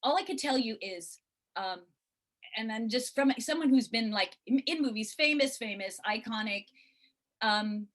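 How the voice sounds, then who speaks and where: Animated, rambling middle-aged woman on a video call. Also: on the high side, normal speed. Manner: rambling and animated, with restarts and sudden excited rises. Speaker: interview guest. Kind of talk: casual video-call interview.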